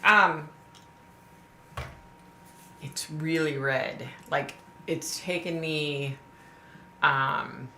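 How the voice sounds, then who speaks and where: Brief: low-voiced, bright-toned woman, middle-aged, casual sympathetic livestream host, echoey room with faint hiss. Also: steady tone, very slow. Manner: chatty, sympathetic, greets viewers by name.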